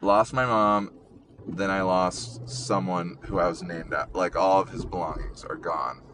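A young man hosting a casual podcast, talking haltingly with many ums and restarts, in an emotional way, from a car. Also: deep voice, fairly even intonation, noisy background. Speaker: podcast host.

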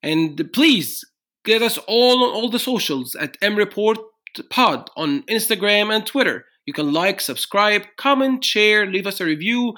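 A man's voice: high-pitched, unhurried. A man hosting a podcast, signing off in a loose, rambling way with many fillers. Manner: relaxed, rambling sign-off with fillers. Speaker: podcast host. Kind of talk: casual podcast chat.

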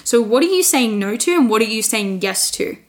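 Young female podcaster in her twenties, candid and earnest, slightly high voice, casual solo talk. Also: lively intonation, a little fast. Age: 20s. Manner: earnest, candid, restarts often and says "like" a lot. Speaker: podcast host and women's coach.

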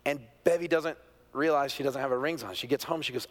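A middle-aged male pastor preaching a sermon, telling a family story, moving from hushed, quiet moments to loud, excited peaks. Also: mid-range voice, fast. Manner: animated storyteller, swings from hushed to near-shouting.

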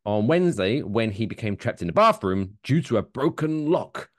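A man's voice: fairly low pitch, very animated, moderate pace, no echo, clean studio sound. A man co-hosting a comedy podcast in casual chat, jokey and reading news stories aloud. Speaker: podcast co-host.

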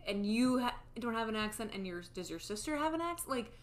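A woman's voice: on the high side, animated, fast. A woman co-hosting a podcast, chatting casually and poking fun at a movie with easy laughs. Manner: wry, laughs easily, mocks the film. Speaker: podcast co-host. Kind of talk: casual chat reviewing a movie.

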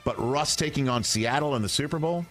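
A man hosting a sports talk segment, upbeat and pitching matchup ideas to his co-hosts. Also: fairly quick, a bit bright, soft background music. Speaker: sports show host.

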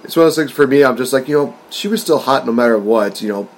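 A man's voice: mid-range voice, lively intonation, fast talker. A man co-hosting a casual wrestling podcast, rambling and laughing often as he talks. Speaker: podcast co-host.

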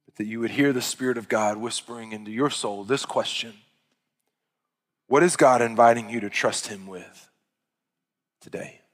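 A man preaching with fervor, his voice climbing high and loud at the peaks, then sinking to near-whispers. His voice has a middling pitch and rings out with a long reverb, as in a large church hall. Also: moderate pace, pauses often. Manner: impassioned preaching that swells loud and high, then drops to hushed tones. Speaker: pastor. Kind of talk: sermon.

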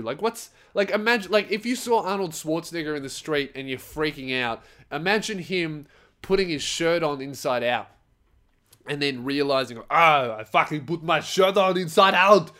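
A young man hosting his own comedy podcast, rambling and swearing freely as he tells stories. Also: on the high side. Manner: swearing, rambling, animated storytelling. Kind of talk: casual solo podcast monologue.

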